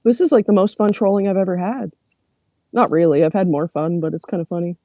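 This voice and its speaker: Young woman streamer, sarcastic and profane, dark mellow tone, dry close sound. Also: lowish voice, brisk, no echo. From Canada. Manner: sarcastic, profane, mocking commenters. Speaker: livestreamer. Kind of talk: casual livestream chat reading comments.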